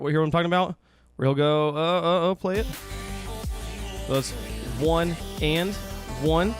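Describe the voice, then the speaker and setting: A young man casually explaining music theory with enthusiasm, full of restarts, counting beats aloud. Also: a little high. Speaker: music vlogger.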